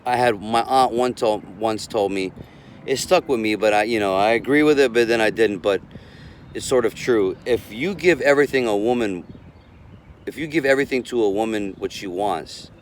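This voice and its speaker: A man's voice: on the low side, normal speed, slight background noise. A man giving casual relationship advice as a coach, rambling and repeating words as he talks.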